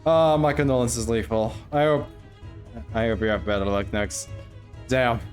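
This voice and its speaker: A man's voice: medium pitch, moderate pace, soft background music. A man streaming a video game live, chatting casually, joking and laughing as he talks back to his viewers. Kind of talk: casual live gameplay commentary.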